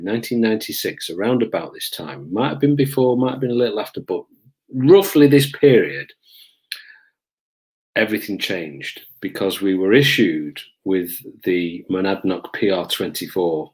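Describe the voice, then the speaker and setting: A middle-aged man, casually recounting police stories to camera with frequent ums. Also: sits low. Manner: relaxed, hesitant with frequent ums, acts out voices in stories. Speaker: police officer recounting his career.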